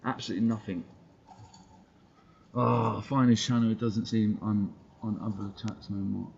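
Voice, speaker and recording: A man's voice: lowish voice, flat delivery, normal speed, gravelly, a little mellow. A man ranting bluntly on a live fan stream, swearing and combative. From England. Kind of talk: heated live-stream rant. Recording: dull lo-fi stream audio, faint background noise.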